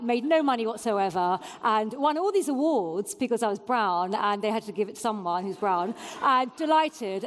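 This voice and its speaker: A woman's voice: fairly high pitch, long reverb tail. A woman in her forties giving a candid, self-mocking conference talk with frequent fillers. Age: 40s. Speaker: keynote speaker. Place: event venue before an audience.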